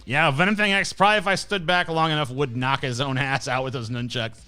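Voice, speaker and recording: A man's voice: mid-range voice, steady tone, fairly quick, few pauses, sharp tone, smooth, soft background music. A male host giving blunt, profane, scornful ranting commentary while reacting to clips and viewer questions.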